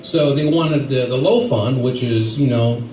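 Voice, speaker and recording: A man doing a stand-up set, telling rambling stories in an animated way with silly voices. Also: mid-range voice, a little slow. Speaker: stand-up comedian. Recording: echoey room from far off with faint noise.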